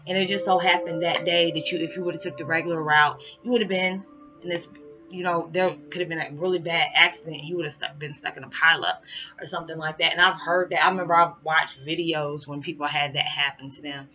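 A woman's voice: sits low, steady tone, brisk, pushed and bright. A woman vlogging casually to her viewers, rambling with many fillers and calling them y'all. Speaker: spiritual vlogger. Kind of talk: casual direct-to-camera talk. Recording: muffled audio with background music.

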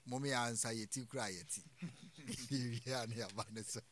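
A man's voice: medium pitch, moderate pace, a bit bright. A man hosting a casual discussion, asking questions with a hesitant, searching manner.

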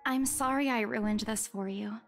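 A shaken young woman, high voice, hesitant, apologetic, game dialogue. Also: normal speed, vocal fry. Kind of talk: game voice acting.

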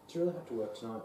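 A man playing a lazy, crude young flatmate who swears constantly and pushes his friend around. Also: mid-range voice, a little hiss or hum, natural voice. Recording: roomy, distant mic.

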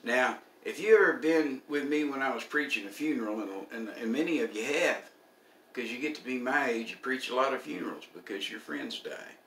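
Older male preacher, folksy sermon voice, bright tone, set back from the mic in a roomy space. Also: medium pitch, animated, a little fast, recorded from a distance, a little hiss or hum. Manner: folksy, homespun humor.

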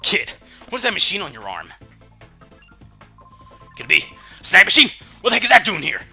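A man reading out a startled male villain grunt who talks in a hurried, alarmed way. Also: high-pitched, wildly swooping pitch, gravelly, bright, forceful tone, faint music behind, exaggerated voice.

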